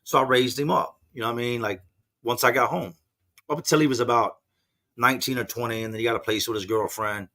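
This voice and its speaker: A man's voice: mid-range voice, steady tone, quick pace, bright, forceful tone. A man in his forties telling a personal story in a loose, rambling, slangy way, saying he's just woken up and isn't a morning person. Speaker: podcast host. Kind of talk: casual storytelling.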